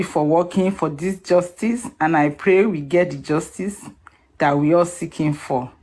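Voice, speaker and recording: Slow, emotional Nigerian woman caller. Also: low voice, a little mellow. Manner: emotional, sings a song in Yoruba. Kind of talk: emotional call-in speech with singing.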